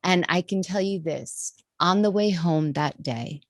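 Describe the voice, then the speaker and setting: A woman, a podcast guest, telling a personal story in a vivid, animated way. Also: fairly low pitch, a little slow, dry recording, studio quality. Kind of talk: storytelling in an interview.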